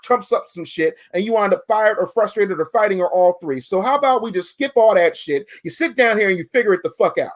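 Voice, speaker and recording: A man hosting a podcast, chatting casually and telling stories in an animated, profane way. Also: high-pitched, brisk, few pauses. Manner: animated, profane storytelling with acted quotes. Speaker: podcast host.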